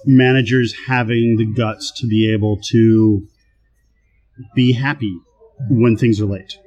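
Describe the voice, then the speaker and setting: A man's voice: fairly low pitch, takes it slowly, slightly rough, lo-fi sound. A man talking as a guest in a casual interview, telling work stories with a laugh now and then and acting out other people's lines. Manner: animated, laughs often, acts out quoted voices. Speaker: guest, software team manager. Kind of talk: casual conversational storytelling.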